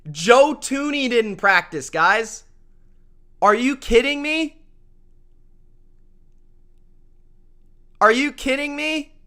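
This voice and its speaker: Excitable high-voiced man making sports picks. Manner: excitable, repeats himself for emphasis. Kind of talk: casual sports prediction talk.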